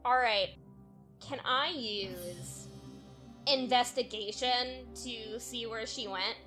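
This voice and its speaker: A woman playing a tabletop game, speaking in a brisk, determined way. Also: on the high side, pushed and bright, faint music behind. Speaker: player. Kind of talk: casual tabletop play.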